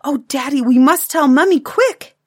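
A woman's voice: medium pitch, sing-song, measured pace, a bit bright, no room sound, clean studio sound. A woman voicing an eager, chattering little cave girl in a storybook reading.

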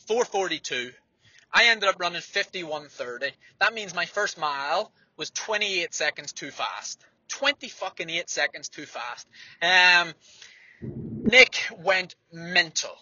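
A man's voice: a little high, pushed and bright, no echo, dull audio. A man, a distance runner, giving blunt, fired-up training advice with frequent swearing in a motivational monologue.

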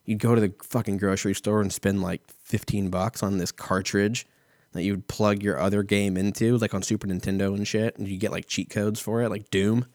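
A man's voice: lowish voice, flat delivery, fairly quick, a little mellow, no echo, studio quality. A man in his thirties telling a rambling, profane everyday story in a casual solo chat, full of fillers like "like" and "you know.". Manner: rambling, heavy swearing, lots of fillers.

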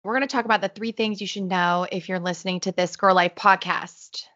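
A woman co-hosting a podcast in casual, excitable chat, her voice a little hoarse from illness, laughing often. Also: mid-range voice, fairly quick, highs cut off. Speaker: podcast co-host.

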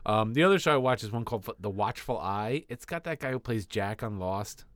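A man's voice: on the low side, expressive, fairly quick, no room sound. A man co-hosting a podcast, rambling casually with profanity and laughter. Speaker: podcast co-host. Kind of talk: casual chat.

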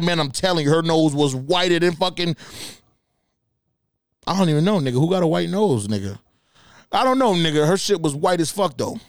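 A man hosting a podcast alone, telling stories in casual, profane, animated talk with laughs. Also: fairly high pitch, dry recording, clean studio sound. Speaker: podcast host. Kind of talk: casual solo storytelling.

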